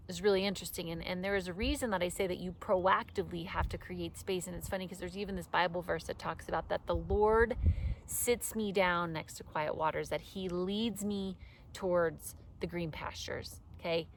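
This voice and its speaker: A woman's voice: medium pitch, a little hiss or hum. A woman coaching her audience in a motivational talk, emphatic and repetitive, with casual swearing.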